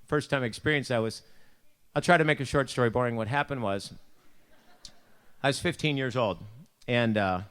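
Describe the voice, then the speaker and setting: A man's voice: medium pitch, normal speed, long pauses, fairly bright tone, clean tone. A man from Buffalo, New York, with a Buffalo accent, telling a self-mocking personal story in a church devotion. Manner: chatty, self-mocking, acts out voices in his anecdotes.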